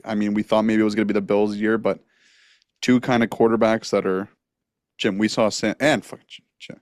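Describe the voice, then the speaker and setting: A man's voice: on the low side, a little mellow, no echo, clean studio sound. A man co-hosting a casual sports podcast, rambling and laughing, swearing now and then. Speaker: podcast co-host.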